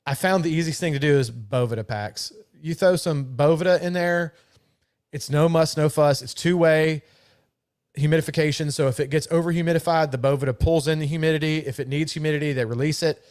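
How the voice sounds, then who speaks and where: Talkative middle-aged guy on a live podcast, cussing and laughing, voice a bit high. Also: a little fast, darkish tone. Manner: talkative, profane, laughs easily. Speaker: podcast co-host. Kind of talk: casual live podcast chat.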